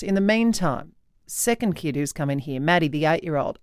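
A woman in her forties hosting breakfast radio, telling a story in an exasperated, animated way. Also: low voice, brisk, no room sound, studio quality. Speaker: radio show host.

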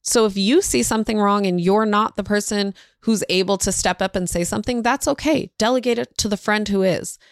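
A woman hosts a parenting show and talks straight to her listeners with earnest, instructive directness. Her voice sits at a middle pitch, and the recording is dry and close. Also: fairly quick, few pauses, no room sound. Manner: direct, warmly instructive, addresses listeners as y'all. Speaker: parenting podcast host. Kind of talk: earnest advice talk.

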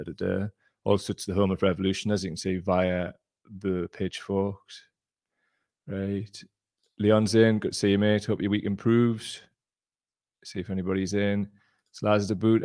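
A man's voice: deep voice, a little mellow, dry recording, studio quality. A man hosting a casual live-stream chat from a cellar, rambling and jokey. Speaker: show host. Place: temporary cellar room.

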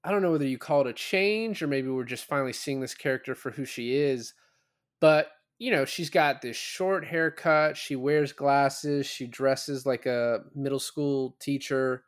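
A man's voice: medium pitch, normal speed. A man chatting casually as a podcast co-host, walking through a film scene by scene. His voice sits in an ordinary middle range. He strings thoughts together with fillers and little acted-out bits of dialogue. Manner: rambling recap with many fillers and acted-out quotes. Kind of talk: casual movie-review chat.

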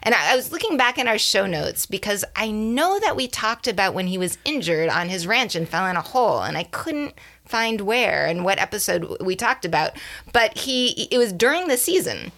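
A woman co-hosts a podcast in an easy, chatty way, laughing often and correcting herself as she goes. Her voice has a bright edge with a gravelly fry. She sits at a middle pitch. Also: big pitch swings, moderate pace. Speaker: podcast co-host. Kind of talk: casual chat about baseball.

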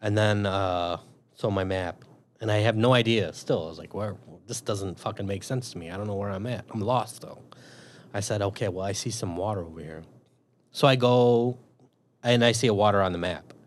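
A man with a slightly low voice tells a story in a loose, chatty way. He swears freely and acts out what he was thinking as he goes. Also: moderate pace. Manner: profane, animated storyteller. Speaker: guest telling a story. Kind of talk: casual storytelling.

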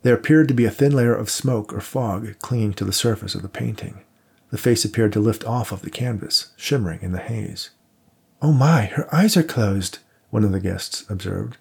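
Male audiobook narrator, husky and gravelly, measured reading. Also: lowish voice, darkish tone. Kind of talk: scripted narration.

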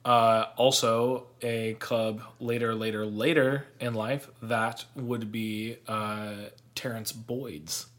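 A man with a bright, forceful voice, chatting casually as a co-host. He keeps throwing in wry quips and little side comments. His delivery stays quick-witted and playful. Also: mid-range voice, level tone. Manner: joking, adds quips and asides. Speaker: podcast co-host. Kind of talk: casual chat.

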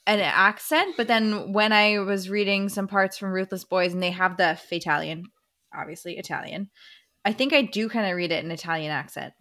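Female co-host, medium pitch, bright tense tone, chatty, thinks out loud. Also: moderate pace. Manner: enthusiastic, thinks aloud. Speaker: podcast co-host. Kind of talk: casual book chat.

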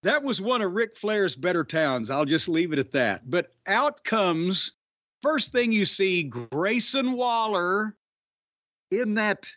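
A man's voice: high-pitched, pushed and bright, no room sound. A man hosting a podcast in casual chat, sardonic, opinionated and freely profane. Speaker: podcast host. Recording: slightly dull, dry podcast audio.

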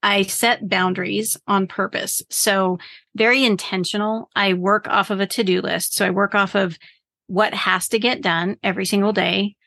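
Brief: woman guest coach, upbeat and earnest, gravelly, dry close sound. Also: medium pitch, fairly even intonation, normal speed, bright, forceful tone, no echo. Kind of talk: casual podcast interview.

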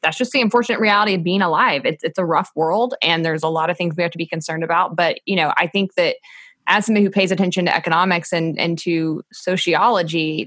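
A woman commentator making a measured, earnest argument in a podcast conversation. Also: low voice, fairly bright tone, no echo, studio quality. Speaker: policy commentator. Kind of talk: opinion commentary in a podcast chat.

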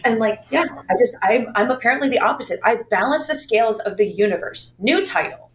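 A woman's voice: a little high, fairly quick, roomy sound, slight background noise, rough recording. A woman co-hosting a podcast, telling stories in casual chat and acting out the lines of the people in them. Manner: animated, acts out quoted dialogue. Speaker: podcast co-host.

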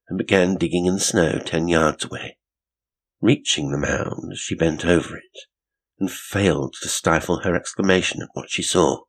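A man narrating a mystery story in a measured audiobook reading, with a husky voice. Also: very deep voice.

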